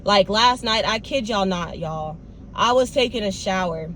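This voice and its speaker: A woman's voice: medium pitch, measured pace, slight background noise. Chatty young woman vlogging to her viewers. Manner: animated, talks straight to viewers with "y'all" and "baby". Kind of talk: casual vlog talk.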